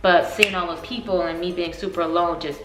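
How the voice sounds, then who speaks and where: A woman in her twenties telling a story for her vlog, animated and emotional, often laughing. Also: fairly low pitch, brisk, reverberant, noisy background. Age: 20s.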